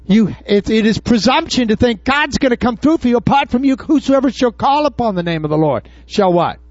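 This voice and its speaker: A man preaching to his congregation in a high voice, tossing out questions and acting out Bible scenes. The sound is dry and a little dull. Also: expressive, fairly quick, no room sound. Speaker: pastor. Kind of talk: sermon. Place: church before a congregation.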